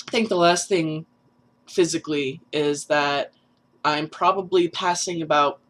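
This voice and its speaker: A man's voice: on the high side, fairly bright tone. A young adult trans man with a nasal voice, chatting casually in a vlog and rambling with many fillers. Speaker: vlogger.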